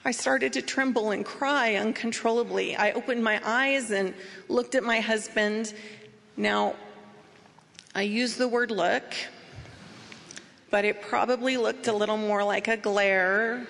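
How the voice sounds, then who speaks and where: A woman giving an earnest, measured personal testimony as she tells her story. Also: fairly high pitch, fairly even intonation, creaky, fairly bright tone, in a large hall. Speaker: speaker sharing a personal story.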